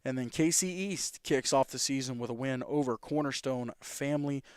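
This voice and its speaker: A man hosting a sports talk show, running through high school football scores in a casual, quick way with fillers and self-corrections. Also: a little mellow, smooth, dry recording, studio quality.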